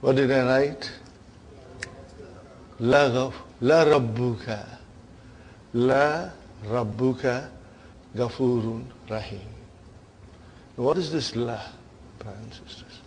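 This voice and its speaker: Slow, quizzing grammar teacher, man. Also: medium pitch, slight background noise. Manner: quizzing the class, frequent "huh?" checks; playful storytelling teacher. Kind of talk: classroom lesson.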